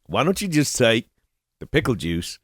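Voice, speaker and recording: A man's voice: mid-range voice, big pitch swings, normal speed, dry recording. A man co-hosting a casual talk show, teasing his co-host and giving short, dry replies.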